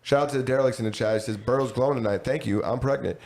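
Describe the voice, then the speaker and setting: A man's voice: mid-range voice, racing, gravelly, a little mellow. A young man co-hosting a podcast, bantering casually in slang and reading chat messages aloud. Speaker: podcast co-host.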